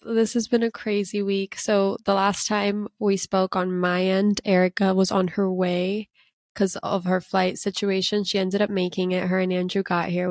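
A woman's voice: mid-range voice, dry recording, studio quality. A woman in her thirties from Miami, a podcast co-host telling a long story in casual chat, full of "like" fillers. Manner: chatty storytelling with many "like" fillers.

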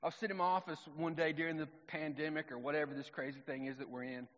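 A middle-aged man, preaching a sermon in a relaxed, conversational storytelling way. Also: on the high side, fast. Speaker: pastor. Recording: long reverb, dull lo-fi sound.

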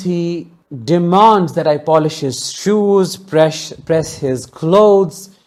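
Earnest man with a fairly high voice. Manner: earnest, emotionally charged storytelling; warm, consoling sign-off to listeners. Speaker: podcast host. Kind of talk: solo podcast monologue.

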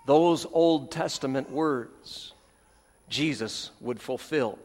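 A man preaches a sermon in a slightly high voice, taking his time over each phrase. He lifts key words with emphasis and lets the ends of his phrases drop low. His voice rings out with a long reverb, as in a large church hall. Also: lively intonation, measured pace. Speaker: pastor.

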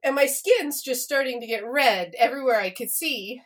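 Woman, podcast co-host, casual storytelling, a bit high-pitched, laughs and curses, acts out quotes. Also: normal speed.

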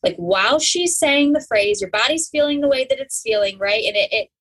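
Husky woman telling a candid personal story. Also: a little high, brisk, low-quality recording. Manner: open and animated, acts out her own inner voice. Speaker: guest.

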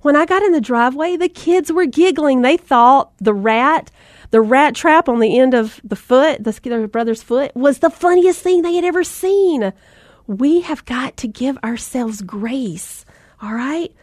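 Lively Southern mom telling a story. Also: female voice, sits high, a little slow, dry recording, clean studio sound. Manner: animated storyteller, acts out voices, talks to audience directly. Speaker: mom and motivational speaker. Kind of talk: storytelling talk with faith encouragement.

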